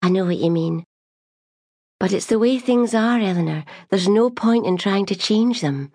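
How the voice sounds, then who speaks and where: A woman's voice: medium pitch, normal speed, dark tone, no room sound, lightly acted. A homely young maid, voiced by a woman narrator, cheerful and plain-spoken. The recording is close and dry. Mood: chiding.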